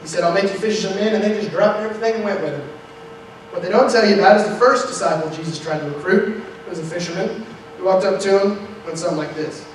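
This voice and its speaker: A man's voice: sits high, fast talker, heavy reverb. Young guy doing standup, wry chatty delivery, far off mic, noisy room. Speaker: stand-up comedian. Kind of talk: stand-up set.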